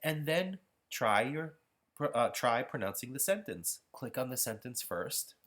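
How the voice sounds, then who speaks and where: A man giving a patient, explanatory pronunciation lesson while walking through practice software. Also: medium pitch, sing-song, measured pace. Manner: patient, explanatory, self-correcting. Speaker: pronunciation instructor. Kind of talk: software demonstration tutorial.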